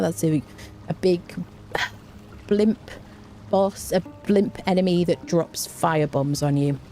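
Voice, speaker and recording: Woman streamer, low and warm, casual live game talk with faint music behind. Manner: chatty and relaxed, many fillers and restarts. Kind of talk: live gameplay commentary, reading chat.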